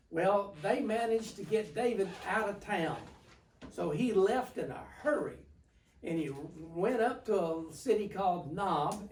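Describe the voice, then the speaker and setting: A man, a pastor leading an informal Bible study, telling the story in a folksy way with frequent restarts. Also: high-pitched. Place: church sanctuary. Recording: echoey room, mic at a distance.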